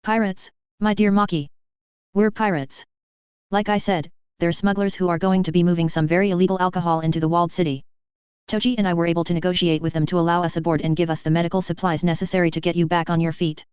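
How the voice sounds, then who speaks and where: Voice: mid-range voice, flat delivery, quick pace, smooth, dry recording, close to an everyday voice. A narrator voicing an irritable young woman soldier who talks bluntly and impatiently, read from a story. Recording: dry, slightly dull.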